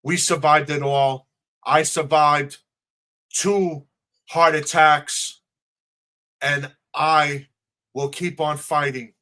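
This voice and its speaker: A man's voice: fairly high pitch, fairly even intonation, drawn-out words, long pauses, pushed and bright. A man, a political candidate answering questions on a livestream video call in an earnest, emotional, repetitive way.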